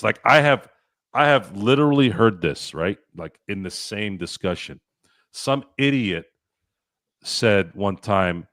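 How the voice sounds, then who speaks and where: A man's voice: fairly low pitch, animated, a little slow, a bit bright, no echo, studio quality. A man hosting a sports talk show, ranting bluntly and swearing freely. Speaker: podcast host.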